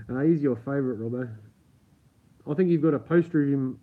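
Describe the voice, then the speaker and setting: Australian man on a tinny live stream. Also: a little high. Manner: chatty, swears freely, laughs often; keeps his voice down. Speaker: livestream host. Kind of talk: casual live-stream chat with viewers. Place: home at night. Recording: tinny phone-like sound.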